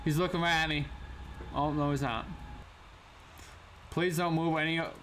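A man's voice: fairly high pitch, fairly even intonation, moderate pace, fairly bright tone, a little hiss or hum. A young man casually commenting on a survival game, slangy and prone to sudden startled yelps. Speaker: gaming channel host. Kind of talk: gameplay commentary.

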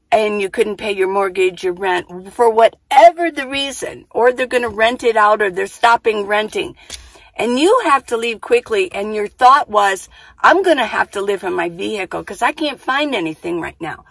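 A woman's voice: a little high, dry recording. A woman vlogging about living full time in her minivan, chatting to the camera in a casual way, repeating herself and thinking aloud as she goes. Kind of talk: casual vlog talk to camera. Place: outdoors then inside a minivan.

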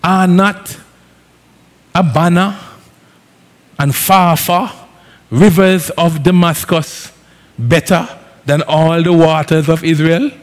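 A man with an Antiguan accent preaching a sermon as a pastor, lively and conversational, with Caribbean phrasing. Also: on the high side, slow, long pauses. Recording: long hall reverb.

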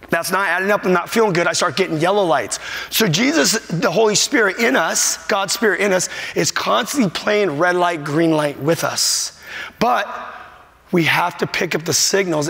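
A man's voice: high voice, fairly bright tone. A man preaching a sermon as a pastor, emphatic and repetitive, at times choked up with emotion. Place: church sanctuary. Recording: long hall reverb.

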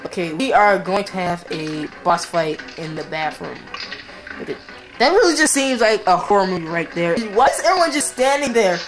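A woman casually commenting while playing a video game, rambling with many fillers. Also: medium pitch. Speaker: let's play commentator. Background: game music.

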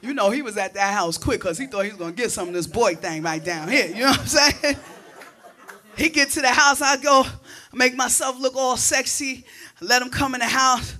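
A woman performing stand-up comedy on a club stage, telling animated stories that break into shrieks and laughter. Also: a little high, normal speed.

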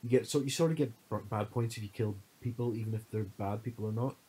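A man co-hosting a podcast, telling stories in an animated, casual chat full of fillers. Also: on the low side, quick pace, slight background noise, rough recording. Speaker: podcast co-host.

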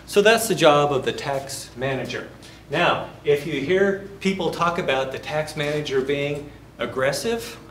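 A man's voice: medium pitch, a bit bright, a little hiss or hum. A male university instructor giving a classroom lecture. He asks the class questions and jokes between points. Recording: echoey classroom.

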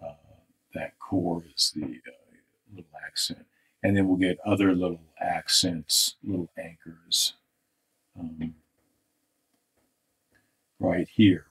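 A man with a very low voice talks slowly through an art critique. He pauses often and lets some phrases trail off into quiet mutters as he works. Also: rough recording. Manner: thoughtful, halting, trails off into soft mutters. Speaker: art instructor. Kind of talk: live drawing critique.

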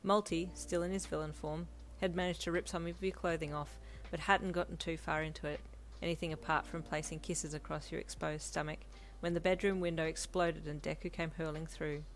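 A woman narrating her own fanfiction in a steady, gentle storytelling voice. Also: deep voice, fairly quick, hardly any pauses. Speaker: fanfiction reader. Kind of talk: scripted narration.

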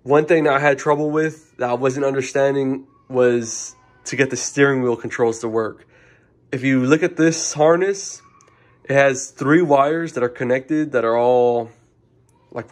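Young adult male, informal DIY explainer, chatty and rambling, mid pitch. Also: fairly even intonation, a little slow. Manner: rambling, informal, self-correcting. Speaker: car audio DIY reviewer. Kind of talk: casual how-to explanation.

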